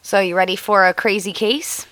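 A woman co-hosting a podcast in casual chat, chatty and excitable, laughing often as she talks. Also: mid-range voice, moderate pace, dry recording. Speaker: podcast co-host. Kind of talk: casual chat, reading a listener email.

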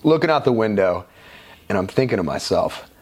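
A man's voice: fairly low pitch, animated, fairly quick, a little mellow, slightly rough. A man guest in an interview, telling his own life story in a frank, conversational way with casual swearing. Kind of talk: candid personal storytelling.

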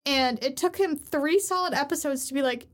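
Young woman, high voice, swearing, animated recap style, podcast co-host. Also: moderate pace. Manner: profane, animated storyteller who acts out characters. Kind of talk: casual anime recap chat.

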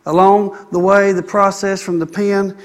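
A man preaching a sermon, animated and acting out the people he quotes. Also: high voice, measured pace, in a large hall. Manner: animated, acts out quoted people, calls for amen.

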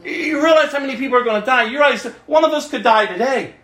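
A man preaching a sermon as pastor, emphatic, swinging from quiet asides to loud exhortation. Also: very high voice, fast talker, roomy sound.

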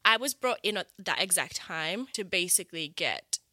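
A woman's voice: on the low side, animated, normal speed, sharp tone, dry recording, studio quality. A young woman speaking as a podcast guest in casual chat, talking candidly and filling her speech with "like". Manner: chatty and candid, filled with "like".

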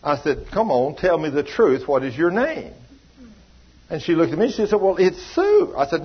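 A man's voice: high-pitched, very animated, normal speed, slightly rough, dull audio. A man preaching a sermon, telling a story and acting out the voices of the people in it, in a folksy, down-home way. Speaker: pastor.

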